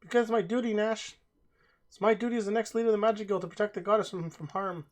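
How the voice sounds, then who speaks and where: Man doing earnest young female mage, pitched up, steady and determined. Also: fast, natural voice. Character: earnest young woman mage, guild heir.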